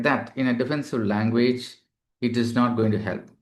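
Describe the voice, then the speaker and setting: A male doctor giving a webinar lecture to healthcare staff, explaining patiently and filling pauses with "you know". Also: medium pitch, fairly even intonation.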